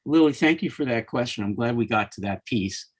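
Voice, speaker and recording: A man's voice: medium pitch, lively intonation, brisk. A man hosting a conversation, reading audience and reader comments aloud, stammering slightly when he starts a thought. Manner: stammers on starts, reads quotes in lifted voice. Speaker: host, interviewer.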